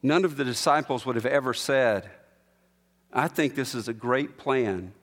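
A man preaching a sermon as pastor, emphatic, slowing down to stress repeated lines. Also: mid-range voice, a bit bright, long reverb tail. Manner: emphatic preaching with slow, drawn-out repetitions.

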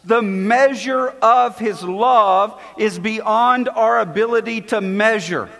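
Man preaching, high voice, slow and deliberate, emphatic repetition, church hall reverb. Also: gravelly, a bit bright. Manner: emphatic, repeats key words with dramatic pauses. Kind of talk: sermon.

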